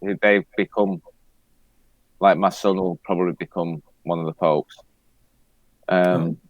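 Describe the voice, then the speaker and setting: A man's voice: deep voice, steady tone, takes it slowly, no room sound. A man playing a tabletop game, talking hesitantly. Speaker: player. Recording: dull, dry mic.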